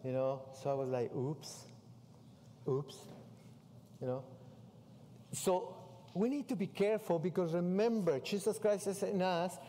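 A man's voice: high voice, normal speed, slight background noise. Man preaching in a reverberant hall. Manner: animated storytelling with non-native English. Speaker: missionary preacher. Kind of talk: sermon. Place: church sanctuary.

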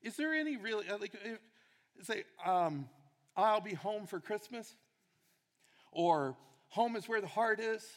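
A man's voice: high-pitched, expressive, a little slow, long pauses, long reverb tail. A man preaching a sermon, earnest and emphatic, repeating key phrases for weight.

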